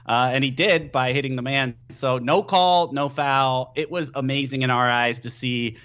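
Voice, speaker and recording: A young man, a pro football player guesting on a podcast, telling stories excitably and leaning on "you know.". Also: mid-range voice, normal speed, clean tone, dull audio. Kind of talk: casual podcast chat.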